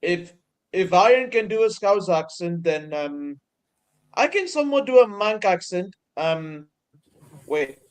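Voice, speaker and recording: A man chatting casually on an online stream, teasing the others with drawn-out questions. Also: sits high, lively intonation, clear, resonant tone, low-quality recording. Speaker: podcast guest. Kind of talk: casual chat.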